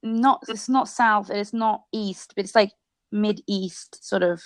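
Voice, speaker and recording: A woman's voice: mid-range voice, steady tone, slow, no room sound. A young woman from England whose English accent has taken on some American tones, chatting easily and giggling on a video call. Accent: English with American influence. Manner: giggly, easygoing. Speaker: guest. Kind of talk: casual video chat.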